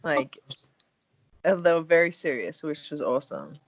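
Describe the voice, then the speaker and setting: A woman's voice: deep voice, very animated, normal speed, no room sound. A woman guesting on a podcast in casual chat, playful and laughing often.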